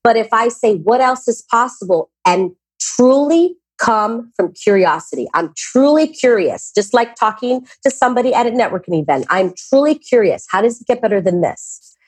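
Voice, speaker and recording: A woman's voice: fairly high pitch, normal speed, breathy edge, no echo. A woman talking as a podcast guest who teaches, telling stories and acting out quoted questions in a casual chat. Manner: expressive storyteller, acts out quotes.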